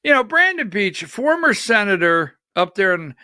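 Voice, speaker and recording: A man's voice: high-pitched, very animated, moderate pace, pushed and bright, clean tone, no room sound, clean studio sound. A man hosting a live political commentary show, agitated and exasperated, calling out instructions to his producer between remarks. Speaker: political talk show host.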